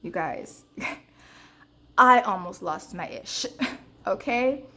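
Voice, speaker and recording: Chatty woman vlogger telling a storytime. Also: drawn-out words. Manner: animated storytelling, addresses viewers directly; counts cash in a low murmur. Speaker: budgeting vlogger. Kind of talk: casual chat and storytime.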